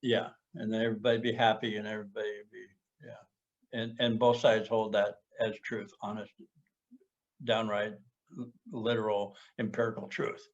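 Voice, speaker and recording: A middle-aged man with a gravelly, fry-edged voice talks things through earnestly. He halts and repeats words as he searches for what to say. The recording sounds muffled and lo-fi. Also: fairly low pitch, level tone, moderate pace. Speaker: podcast co-host sharing personal experience. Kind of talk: reflective casual conversation. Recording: muffled lo-fi podcast audio.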